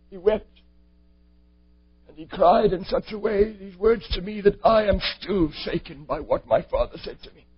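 A man with a husky, high-pitched voice preaches earnestly, telling a personal story with emphasis. The sound is dull and lo-fi, like an old sermon tape. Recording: dull lo-fi recording.

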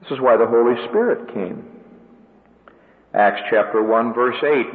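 A man delivers a sermon for radio, pressing his points with sudden climbs in pitch. The sound is thin and tinny, like a phone line, and a long reverb trails after his words. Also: unhurried, pauses often. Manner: emphatic, with sudden pitch rises on key words. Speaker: preacher.

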